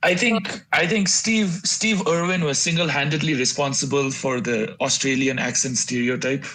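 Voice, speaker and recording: A man's voice: medium pitch, steady tone, normal speed, pushed and bright. A man co-hosting a casual podcast, adding dry, opinionated remarks. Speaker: podcast co-host.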